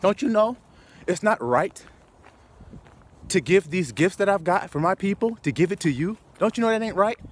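A man's voice: high voice, animated, moderate pace. A man voicing a stern male teacher who bluntly dismisses a pleading woman in a quoted scene. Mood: dismissive.

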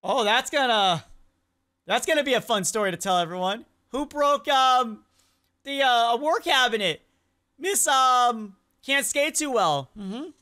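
A woman's voice: a little high, a little slow. A young woman hosting a reaction video, chatting casually and exclaiming at funny clips. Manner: animated, exclaiming and questioning clips.

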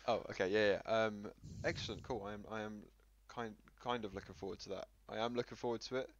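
A man with a hoarse, tired voice hosting a casual gaming podcast, chatty and joking at his own expense. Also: lowish voice, fairly even intonation, quick pace, noisy background. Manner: chatty, self-deprecating, joking. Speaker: podcast host. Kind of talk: casual chat. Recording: slightly muffled audio.

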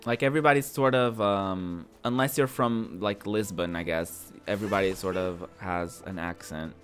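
A man's voice: low-pitched, normal speed, a bit bright, soft background music. Chatty male streamer. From northern Portugal. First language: Portuguese. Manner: chatty, rambling, repeats his words. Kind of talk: casual chat while gaming.

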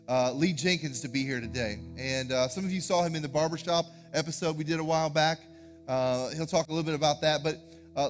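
Upbeat pastor, music faint behind. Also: male voice, on the high side. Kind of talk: church announcements and introduction from the stage. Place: church sanctuary.

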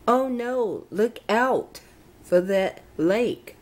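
A woman's voice: medium pitch, expressive, very slow, a little mellow, voice pushed up. Woman reading as a cheerful little boy. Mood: playful. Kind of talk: reading aloud a children's storybook.

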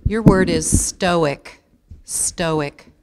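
A woman serving as a spelling bee pronouncer in a school auditorium, formally reading out words and definitions with deliberate enunciation. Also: on the low side, creaky, very noisy.

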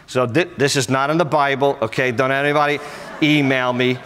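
A man's voice: mid-range voice, fairly even intonation, a little fast, a bit bright, a little hiss or hum. A male pastor preaching a sermon in a church, storytelling with humor. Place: church sanctuary. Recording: echoey church hall.

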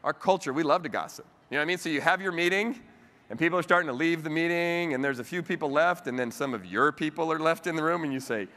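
Bright-voiced man giving a keynote. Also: a little high, fast talker. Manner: animated storytelling with audience asides. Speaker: keynote speaker. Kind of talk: motivational keynote speech. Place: large convention hall. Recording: long hall reverb.

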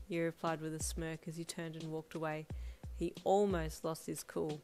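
A woman narrating a second-person fan-fiction story in a steady, plain reading voice. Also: deep voice, moderate pace, creaky, soft background music.

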